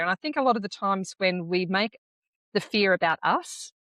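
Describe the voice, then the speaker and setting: An Australian woman hosts a podcast in a casual chat, often dropping short encouraging affirmations. Her voice is bright, and the recording is close and dry. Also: medium pitch, moderate pace, no echo. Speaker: podcast host. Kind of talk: casual conversational interview.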